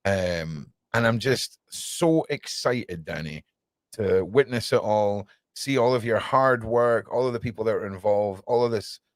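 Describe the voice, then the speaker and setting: A man hosting a casual livestream chat, rambling and joking excitedly. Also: on the low side, a little slow, no room sound. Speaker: podcast host.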